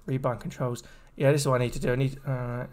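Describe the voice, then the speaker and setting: A slightly mellow mid-range male voice with little pitch movement moves along at a quick pace. He is a gaming streamer giving casual live commentary on a horror game, chatty and rambling, addressing chat as game music plays.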